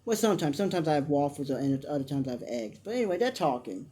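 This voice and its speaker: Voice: mid-range voice, big pitch swings, quick pace, mellow, husky. Rambling opinionated soap opera reviewer. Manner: rambling, full of tangents and restarts; acts out characters' lines in mock voices. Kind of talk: casual recap commentary.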